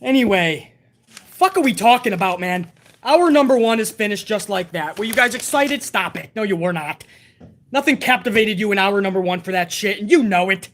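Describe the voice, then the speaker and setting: A man's voice: high-pitched, animated, normal speed, fairly bright tone. Profane, laid-back male stream host. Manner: profane, laid-back banter, reading viewer messages. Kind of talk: casual live-stream chat.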